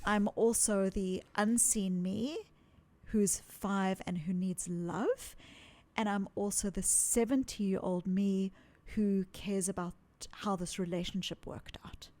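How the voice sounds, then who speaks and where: A woman guest in an interview, explaining ideas in an earnest, animated way and repeating words for emphasis. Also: medium pitch, slow, no echo. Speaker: psychologist guest.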